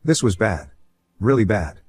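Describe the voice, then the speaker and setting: A man with a fairly low voice reads a first-person online story aloud. His delivery is casual and conversational, like someone recounting events to a friend. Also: sing-song, unhurried, a little mellow, slightly rough. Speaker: story narrator.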